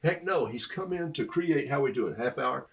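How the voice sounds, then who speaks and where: A man's voice: mid-range voice, lively intonation, normal speed. Man, middle-aged, casual live painting chat, talks through every stroke, laughs at his own jokes, coughing today. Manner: chatty, self-amused, talks through each brushstroke. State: has a cough. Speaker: artist painting on a livestream.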